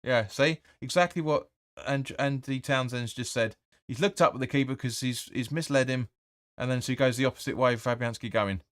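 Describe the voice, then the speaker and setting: Male fan host, opinionated live match commentary, average pitch, dry close-miked sound. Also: brisk, a bit bright, no room sound. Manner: blunt and opinionated, swears, reads viewer comments aloud.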